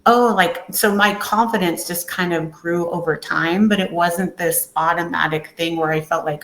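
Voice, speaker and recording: A woman's voice: fairly low pitch, unhurried, fairly bright tone. A woman guest on a podcast, talking candidly and telling her story with acted-out quotes. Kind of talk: casual interview talk. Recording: echoey room.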